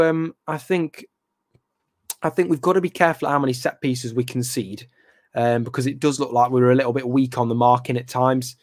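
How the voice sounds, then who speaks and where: A man's voice: mid-range voice, a little mellow, no room sound, studio quality. Chatty young male football fan host. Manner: rambling, hesitant, lots of ums and restarts; talks to viewers in the live chat by name. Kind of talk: casual live fan reaction chat.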